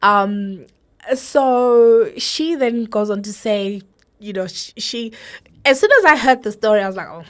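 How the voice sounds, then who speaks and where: A woman's voice: fairly high pitch, slow. Chatty woman from Zimbabwe telling a story. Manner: chatty storyteller, frequent "right?" and "you know". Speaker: podcast co-host. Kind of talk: casual chat.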